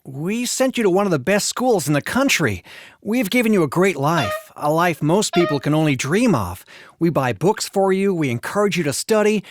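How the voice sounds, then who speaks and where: A woman's voice: on the low side, no room sound, clean studio sound, voice pushed down. A woman doing a weary, defeated dad. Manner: heavy, sighing, defeated. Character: weary, disappointed wealthy father.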